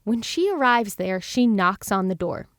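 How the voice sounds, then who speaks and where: A woman's voice: medium pitch, expressive, measured pace, dry recording, studio quality. Giggly woman telling a spooky tale. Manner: giggly, playful storyteller. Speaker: podcast co-host. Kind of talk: storytelling history podcast banter.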